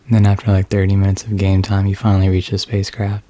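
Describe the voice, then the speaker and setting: A man giving a deadpan, mocking recap of a video game's opening story. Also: sits low, fast, dry recording. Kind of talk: comedic sarcastic story summary.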